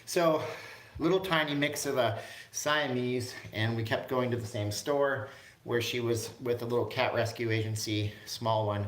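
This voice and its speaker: A man's voice: medium pitch, moderate pace, a little hiss or hum. Chatty man in an echoey room. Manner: chatty, reads viewer comments aloud. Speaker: vlog host. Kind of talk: casual live-stream chat. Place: at home.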